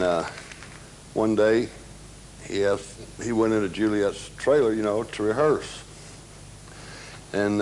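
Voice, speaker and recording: A man's voice: on the low side, a little mellow, a little hiss or hum, poor audio. A man telling a funny anecdote in an interview, playfully mimicking voices in the quoted dialogue. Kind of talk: anecdotal storytelling.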